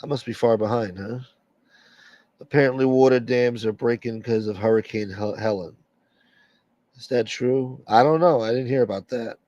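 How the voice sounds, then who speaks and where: A man's voice: medium pitch, normal speed, darkish tone, dry recording, highs cut off. A man hosting a late-night livestream and rambling bluntly through strong opinions in casual chat. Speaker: livestream host.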